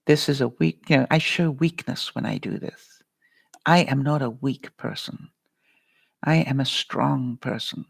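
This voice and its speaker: Gravelly husky woman, slow and earnest, cheering on chat viewers. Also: a bass voice, dry recording. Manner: earnest, encouraging, addresses viewers by name. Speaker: life coach vlogger. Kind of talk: live-stream pep talk answering chat.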